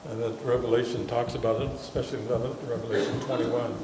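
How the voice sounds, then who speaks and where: A male pastor telling a story in a casual, halting sermon full of fillers and repeated words. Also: mid-range voice, little pitch movement, a crowd in the background. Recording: echoey hall with faint ambience.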